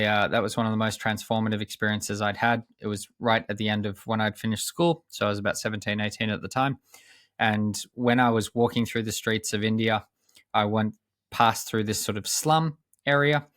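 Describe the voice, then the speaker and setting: Low-voiced man telling his story earnestly. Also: a bit bright, dry recording, clean studio sound. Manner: measured and earnest, with frequent pauses and restarts. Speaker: high performance coach, podcast guest. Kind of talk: reflective personal storytelling.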